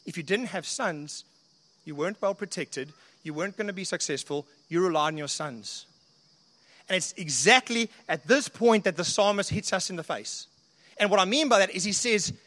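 A man's voice: high voice, moderate pace, a bit bright, big-room sound. A man preaching a sermon in an earnest, conversational way, often asking the listeners questions. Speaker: pastor.

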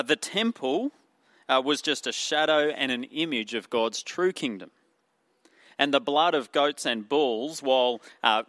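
A man's voice: mid-range voice, fairly bright tone, dry recording. A man with an Australian accent preaching a sermon in an earnest way, asking rhetorical questions and using fillers.

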